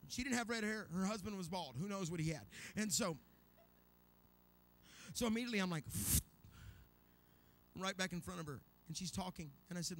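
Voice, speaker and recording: At a church revival, a man serving as guest preacher speaks at a normal pace in a high voice, leaving long pauses. He acts out the voices in his dramatic stories and builds toward shouting.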